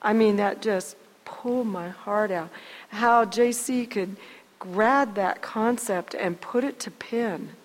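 A woman's voice: medium pitch, slow. A woman in her sixties telling a story in a casual, rambling way, full of restarts and heartfelt asides. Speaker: speaker sharing a story. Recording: long hall reverb.

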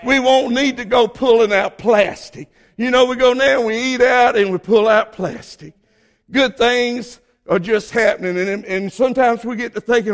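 A man's voice: very high voice, normal speed. A man with a Southern accent preaching a sermon as a pastor, folksy and fervent, stretching out words at his emphatic peaks. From Southern United States.

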